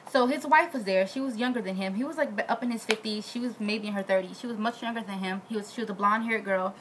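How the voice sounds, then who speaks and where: A woman vlogging in a casual, animated way, acting out the quoted voices in her story. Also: slight background noise, poor audio. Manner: animated, acts out quotes with big pitch jumps.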